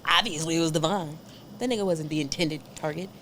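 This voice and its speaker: A woman's voice: deep voice, quick pace, a bit bright, a little hiss or hum. A woman guest on a podcast, chatting casually with blunt, teasing retorts. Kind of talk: casual chat. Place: podcast studio.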